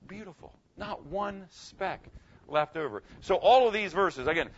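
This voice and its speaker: A man's voice: sits high, lively intonation, unhurried, slightly rough. A man preaching a sermon as pastor, emphatic, putting questions to his congregation. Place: room with a congregation. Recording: dull lo-fi recording.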